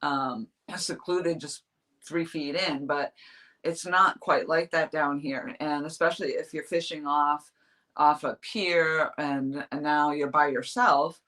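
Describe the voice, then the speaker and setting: Bright-voiced chatty woman streaming live. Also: deep voice, fairly even intonation, slow. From New Hampshire. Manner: chatty and rambling, laughs often. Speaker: fishing vlogger reading live chat. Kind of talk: casual livestream chat.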